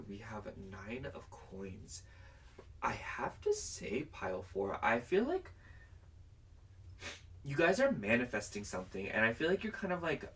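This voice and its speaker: A man's voice: fairly low pitch, a bit bright, far from the mic. A young man chatting casually through a pick-a-card tarot reading to camera, rambling and filling his talk with "like". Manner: chatty and rambling, heavy use of "like". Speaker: tarot reader.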